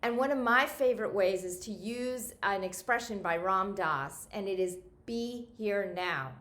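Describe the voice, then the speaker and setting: Gentle woman coach in an echoey room. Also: medium pitch, normal speed. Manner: gentle, encouraging, repeats phrases for emphasis. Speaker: self-help coach. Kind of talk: guided self-help talk.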